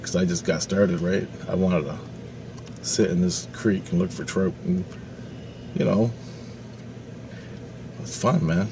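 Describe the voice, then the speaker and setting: A man telling a long, rambling story in a casual, animated way, swearing freely. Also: lowish voice, a little hiss or hum. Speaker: vlogger.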